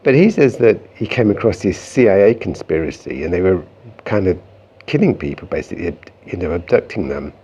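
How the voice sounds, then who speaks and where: A man's voice: low voice, very animated, brisk, mellow, husky. A man telling a reflective personal story in a meandering, conversational way, often restarting his sentences. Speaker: vlogger.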